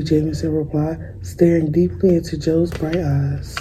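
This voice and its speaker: A young woman, a student, reading a children's picture book aloud in a gentle, unhurried way. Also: low-pitched, fairly even intonation, background noise. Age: young adult. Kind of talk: storybook read-aloud.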